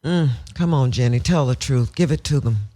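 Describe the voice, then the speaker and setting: A woman's voice: rumbling low, normal speed, warm tone. A woman guest in a radio studio interview, telling stories candidly in a theatrical, profane way and breaking into sung phrases.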